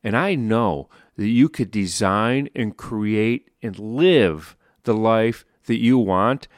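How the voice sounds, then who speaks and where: A man hosting a solo motivational podcast, talking in an upbeat, animated way, laughing often and repeating himself. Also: lowish voice, takes it slowly, no room sound, studio quality. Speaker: podcast host and life coach.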